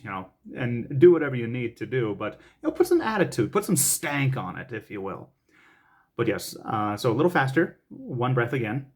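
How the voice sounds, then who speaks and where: A man's voice: mid-range voice, lively intonation, brisk, slightly rough. A man who is a voice actor, casually coaching tongue twisters on camera in a playful way, laughing often and reciting the lines with rising energy.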